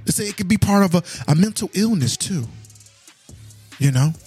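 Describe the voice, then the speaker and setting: A man's voice: high voice, animated, normal speed, darkish tone, slightly rough, soft background music. A man hosting a podcast, earnestly telling a personal story in a casual, conversational way and speaking straight to his listeners. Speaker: podcast host.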